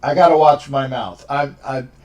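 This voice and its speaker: A man's voice: medium pitch, normal speed, a little mellow. A man hosting a fan call-in livestream, emotional and exuberant, often repeating himself. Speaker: show host.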